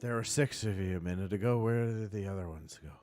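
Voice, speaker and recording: A man voicing a clumsy, jittery armored human man who keeps hushing others and repeats himself. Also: lowish voice, quick pace, faint music behind, close to an everyday voice. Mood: puzzled.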